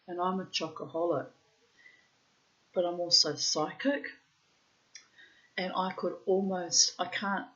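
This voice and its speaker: A woman's voice: fairly low pitch, a bit bright. A woman telling personal stories in a frank, rambling monologue and swearing freely. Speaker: vlogger. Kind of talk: candid storytelling monologue. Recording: slightly dull lo-fi sound.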